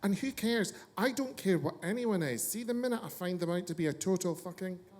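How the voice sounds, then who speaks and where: Guy hosting a chat show, crude jokey rants, kinda high voice. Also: lively intonation, a little fast, darkish tone. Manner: brash, sweary, joking rants. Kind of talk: casual chat.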